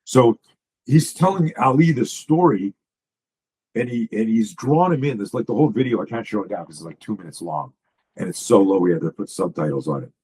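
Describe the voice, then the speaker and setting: A fairly low, husky male voice comes through a video call. He is a self-defense coach walking listeners through his slides, blunt and salty, explaining with animated energy. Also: a little fast, low-quality recording.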